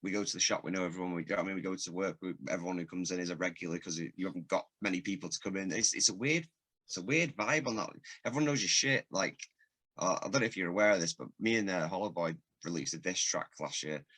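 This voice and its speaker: Fast-talking, swearing man, low voice. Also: fairly bright tone. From England. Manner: swears a lot, laughs often, rambling storyteller. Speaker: guest rapper and producer. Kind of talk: casual podcast chat.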